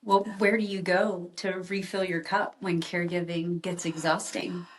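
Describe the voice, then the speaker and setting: A woman hosting a podcast interview, asking gentle questions and affirming her guest supportively. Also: on the low side, level tone, normal speed. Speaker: podcast host. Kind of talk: casual interview chat.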